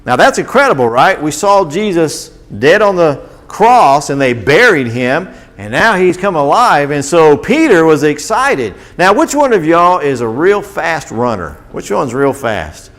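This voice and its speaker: A man with a drawl tells a Bible story to a room of children. His voice is lively and bouncy, swinging up and down as he keeps asking the kids questions. He sits a little high for a man. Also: measured pace, hardly any pauses. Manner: animated, asks children questions. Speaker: children's Bible class teacher.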